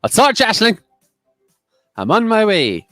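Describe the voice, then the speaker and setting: Lively, teasing man. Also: sits high, a little slow, dry recording, soft background music. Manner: teasing, playful. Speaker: quiz co-host. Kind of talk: casual livestream chat.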